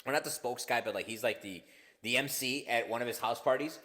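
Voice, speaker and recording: A man of middle pitch co-hosts a casual podcast chat. He rambles and swears freely, and he tells his stories with loud, animated bursts and frequent laughter. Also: a little fast. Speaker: podcast co-host.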